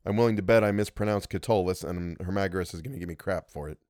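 A man's voice: low-pitched, fast talker, darkish tone, dry recording, clean studio sound. A man reading old ghost stories aloud, often breaking off to joke about his own slips and grumble. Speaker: storyteller.

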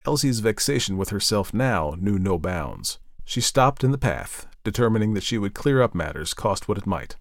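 A man with a low voice reads an old-fashioned novel aloud in a steady, measured way. His narration is recorded dry and close, with no room sound. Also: no echo. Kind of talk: audiobook narration.

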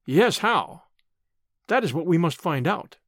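A man voicing a calm, shrewd older male lawyer who speaks quietly and deliberately. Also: on the high side, no echo, studio quality. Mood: measured.

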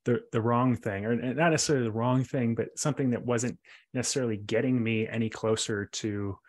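A man answers as a podcast guest in a mid-pitched voice. He sounds thoughtful and reflective, posing questions to himself as he explains. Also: steady tone, fairly quick. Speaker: podcast guest, real estate investor. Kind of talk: interview answer.

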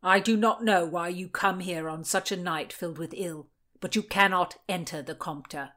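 A stern male sheriff, as a woman puts him on, firm and commanding. He refuses flatly and raises his voice slightly over the narration. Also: on the low side, moderate pace, lightly acted.

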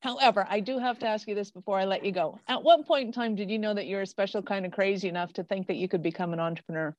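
A woman hosting an interview in casual chat, enthusiastic with quick interjections. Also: medium pitch, a little mellow, no echo. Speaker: podcast host.

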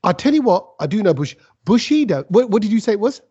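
A man co-hosting a casual podcast chat, joking and quick to riff with crude quips. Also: high voice, sing-song, mellow, breathy edge, lo-fi sound. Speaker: podcast co-host.

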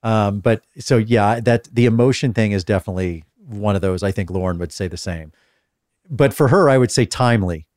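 A man hosting a casual conversational interview, telling stories in a calm, even-keeled way. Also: on the low side, a little fast, no room sound, studio quality. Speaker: podcast host interviewing guests.

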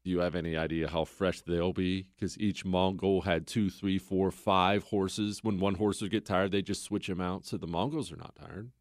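A man's voice: sits low, steady tone, moderate pace, hardly any pauses, no room sound, studio quality. A man hosting a podcast who tells history casually and conversationally, full of rhetorical questions. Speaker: podcast host.

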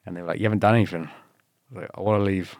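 A man's voice: low-pitched, steady tone, racing, darkish tone, no room sound, clean studio sound. A man telling stories in a casual interview, laughing often and swearing as he acts out what others said to him. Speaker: guest.

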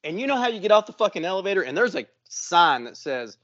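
A man's voice: sits high, fast talker, no room sound, dull audio. A man co-hosting a podcast, telling a story in casual chat, swearing constantly and acting out quotes. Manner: profane, animated, acts out quotes. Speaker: podcast co-host.

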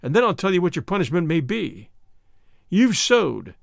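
A man's voice: sits high, sing-song, moderate pace, vocal fry, no echo, clean studio sound, heavily acted. A man reading a story aloud, voicing a curt, swaggering young man who threatens his rival. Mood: menacing. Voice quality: curt, savage.

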